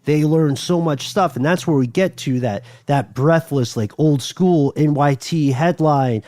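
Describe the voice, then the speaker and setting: A man's voice: a little high, measured pace, hardly any pauses, warm tone, no room sound, clean studio sound. A man co-hosting a podcast, telling a history story in a chatty, loose way with many fillers. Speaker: podcast co-host. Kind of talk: casual conversational storytelling.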